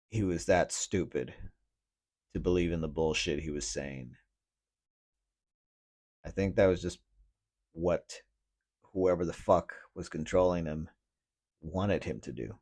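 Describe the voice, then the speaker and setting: A man's voice: deep voice, slow, long pauses, darkish tone. A man hosting his own podcast in a casual solo rant, griping with lots of swearing and bursts of laughter. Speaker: podcast host.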